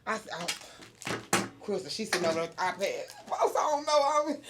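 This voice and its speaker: A woman hosting a podcast, telling a story in casual chat, animated and laughing often. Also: mid-range voice, brisk, noisy background. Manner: animated storyteller, laughs often, gets loud when excited. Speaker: podcast host.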